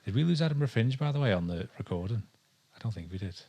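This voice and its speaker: Warm in tone and fairly low in pitch, this English co-host speaks at a quick pace with lively intonation. During the casual podcast chat at home, a dog nearby, he rambles with many ums and restarts.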